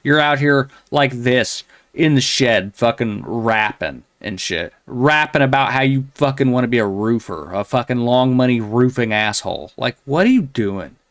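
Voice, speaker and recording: A man's voice: mid-range voice, expressive, moderate pace, fairly bright tone, no echo, studio quality. A man hosting a commentary show, crudely mocking a video with a rambling, sneering delivery full of fillers. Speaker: commentary host.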